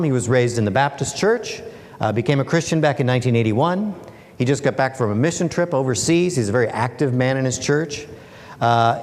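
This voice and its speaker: In a lecture hall, this author and guest speaker keeps the mood light, peppering the crowd with teasing rhetorical questions. His pitch is middle-of-the-road and a touch mellow, and the hall gives his voice a long echo.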